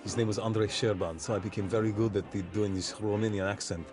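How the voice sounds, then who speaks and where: A male voice actor talks through a commentary track in an animated storytelling way and laughs easily. His voice sits a little low. Show music runs steadily behind him. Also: quick pace. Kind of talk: casual commentary. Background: episode soundtrack music.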